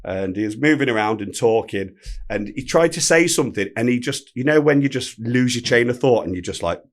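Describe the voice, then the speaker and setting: Man, 40s, podcast guest, lively storytelling, swears, mimics others. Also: medium pitch, brisk. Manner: animated anecdote-telling, swears freely, acts out quoted speech. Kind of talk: casual storytelling.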